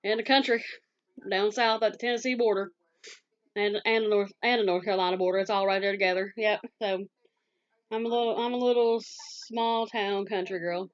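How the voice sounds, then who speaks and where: A woman in her forties from Southwest Virginia with a Southern American accent, chatting quickly and laughing easily as she answers viewer questions in a casual vlog. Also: mid-range voice, fairly even intonation, muffled recording. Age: 40s. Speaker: YouTube scam-baiter answering viewer questions.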